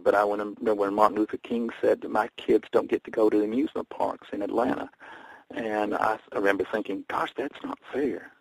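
A man from the American South, a guest on a talk show, telling rambling, animated personal stories. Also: on the low side, vocal fry, no echo, low-quality recording. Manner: rambling, animated storytelling with laughs. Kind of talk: storytelling in conversation.

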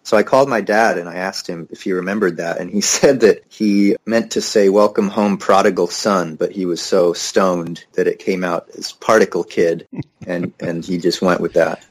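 A young man, a musician guest in an interview, telling stories in a relaxed, easygoing way and laughing easily. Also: deep voice, normal speed, husky. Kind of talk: casual interview conversation.

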